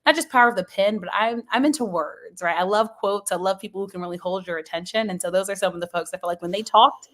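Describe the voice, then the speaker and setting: Woman, from Maryland, sports journalist, interview guest, chatty and lively, rapid talker. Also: medium pitch. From Maryland, USA. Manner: lively and talkative, quick laughs, fillers like "you know". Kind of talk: casual interview chat.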